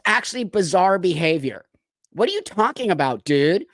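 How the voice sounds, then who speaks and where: A man's voice: high-pitched, big pitch swings, normal speed, fairly bright tone, dry recording. An older man hosting a live stream, ranting angrily and bluntly with profanity and sarcastic mock quotes. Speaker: show host. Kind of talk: heated live-stream commentary.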